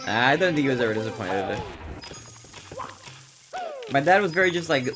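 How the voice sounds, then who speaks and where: A man's voice: on the high side, sing-song, normal speed, long pauses. A young man chatting casually on a live stream, rambling and often laughing as he talks. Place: his bedroom, on camera. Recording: game music playing behind.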